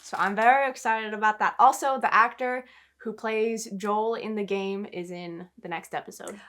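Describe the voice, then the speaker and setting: A woman guest on a casual review chat, eager and excitable. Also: mid-range voice, normal speed. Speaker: guest, game fan.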